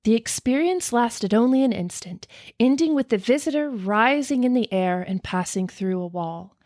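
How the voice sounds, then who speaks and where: A woman co-hosting a podcast, chatting casually and reading a ghost story aloud with dramatic hushed stretches. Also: a little high, animated, normal speed, no room sound, studio quality. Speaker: podcast co-host.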